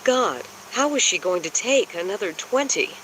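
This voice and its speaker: A man narrating a romance audiobook in a measured, even reading style. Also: sits high, slight background noise, low-quality recording. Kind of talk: scripted narration.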